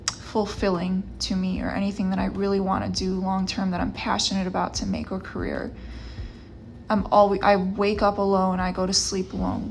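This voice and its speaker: A woman talking low and heavily about loneliness and having nothing to look forward to. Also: gravelly, slight background noise. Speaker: vlogger. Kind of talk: confessional vlog.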